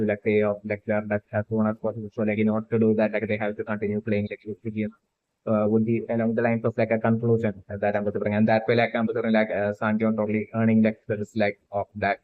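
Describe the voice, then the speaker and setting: On a dry yet tinny, phone-like recording, a low-voiced fan theory video maker rambles through a solo commentary on a theory. He restarts sentences often and peppers nearly every phrase with "like" and "uh."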